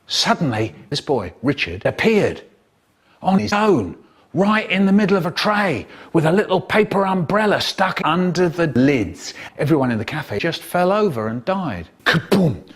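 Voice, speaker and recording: A man telling comic stories in a playful, animated way, breaking into sound effects and squeals. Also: fairly high pitch, moderate pace, slightly rough. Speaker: storyteller. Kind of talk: comic storytelling, chopped into a remix.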